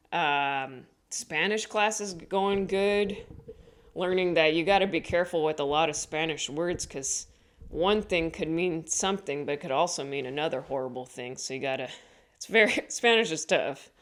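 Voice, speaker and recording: A woman stand-up comedian chatting straight to camera in a loose, rambling vlog monologue. Her voice sits a little low for a woman. She keeps restarting her sentences and laughing at her own stories. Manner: chatty and rambling, with frequent self-corrections and laughs.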